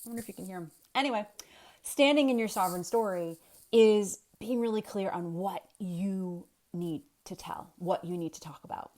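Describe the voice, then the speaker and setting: A woman's voice: medium pitch, normal speed, a little mellow. A woman in her thirties, a storytelling coach, talking casually to a webcam from home and thinking aloud with restarts and rhetorical questions. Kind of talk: casual talk to camera. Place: home with kids in the next room.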